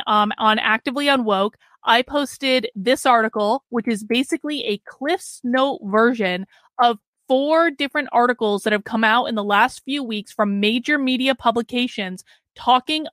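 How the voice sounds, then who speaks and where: A woman's voice: fairly high pitch, a bit bright, no room sound, clean studio sound. A young adult woman hosting a livestream podcast, giving emphatic, conversational commentary straight to her viewers. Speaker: podcast host.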